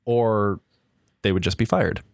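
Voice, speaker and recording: A man's voice: unhurried, gravelly, dry recording, studio quality. A man co-hosting a comedy podcast, telling odd facts in a jokey, profane way. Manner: jokey, swears often, jumps into high-pitched impressions. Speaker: podcast co-host. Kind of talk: casual comedic chat.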